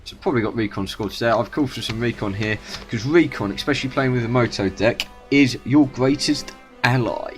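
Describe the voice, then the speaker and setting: A man's voice: mid-range voice, brisk, few pauses, faint music behind. A man casually commentating his own strategy game match, rambling and correcting himself as he goes. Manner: rambling, self-correcting, chatty. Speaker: gaming YouTuber. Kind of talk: gameplay commentary.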